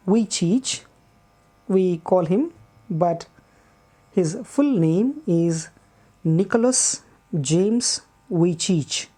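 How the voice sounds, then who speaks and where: A woman teacher explains a textbook lesson, speaking patiently and deliberately, repeating key words and pausing often. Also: fairly low pitch, mellow. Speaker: English teacher. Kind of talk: slow classroom explanation.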